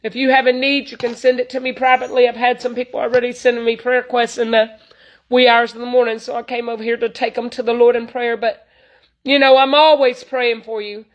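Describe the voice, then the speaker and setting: High-voiced woman preaching earnestly. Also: flat delivery, brisk, dull audio. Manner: earnest, folksy, full of "you know". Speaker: traveling evangelist. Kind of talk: informal preaching to online viewers.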